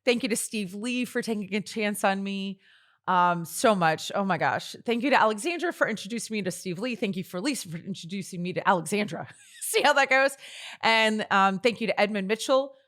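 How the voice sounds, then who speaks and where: A woman in her thirties hosting her own late-night show, chatty and gushing, laughing often between lines. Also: fairly bright tone. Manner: mock-commercial sales pitch.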